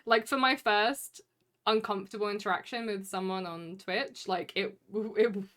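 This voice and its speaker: A woman's voice: medium pitch, steady tone, moderate pace, a bit bright. A young woman chatting casually with her stream viewers. She rambles and fills her talk with "like" and "you know". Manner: rambling, chatty, heavy use of "like" fillers. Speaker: live streamer.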